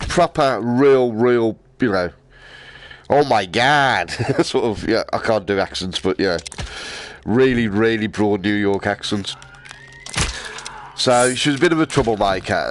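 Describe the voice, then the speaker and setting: A man's voice: lowish voice, a little hiss or hum. A man chatting casually and rambling while he streams a VR game, laughing often.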